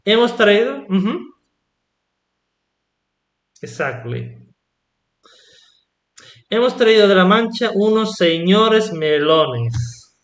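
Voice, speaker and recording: A man teaching an online Spanish lesson, explaining slowly and patiently and checking in with "yeah?" after his examples. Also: sits high, big pitch swings, echoey room.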